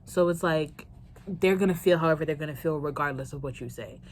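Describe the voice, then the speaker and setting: A young woman answering viewer questions in a casual vlog, playful and slangy, quick to laugh and swing into mock drama. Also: deep voice, a little mellow, slight background noise. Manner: slangy, chatty. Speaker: vlogger.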